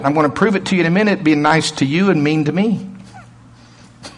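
A man's voice: fairly high pitch, brisk, long pauses. A man preaching a sermon, emphatic and chuckling often.

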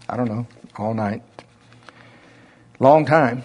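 Man, Oklahoma drawl, preacher, husky voice, slow and emphatic. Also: medium pitch, steady tone, a little mellow. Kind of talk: sermon.

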